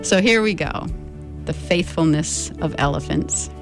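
A woman's voice: low-pitched, unhurried, music in the background. A woman reading a picture book aloud as storyteller, talking directly to her listeners in a friendly way.

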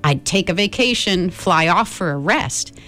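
A woman reading aloud gives voice to a lazy storybook mother bird who is tired and bored of sitting on her egg. She wheedles and pleads in a lilting sing-song, her pitch leaping around, her delivery slow. Soft music hums faintly behind. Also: lively intonation. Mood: wheedling.

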